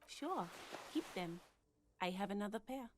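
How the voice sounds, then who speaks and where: An actress plays an obliging desk clerk who answers in short, courteous phrases at a mid pitch. She sounds eager to help, with faint music in the background. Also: expressive, unhurried, lightly acted. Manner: polite and accommodating. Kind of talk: video game voice acting.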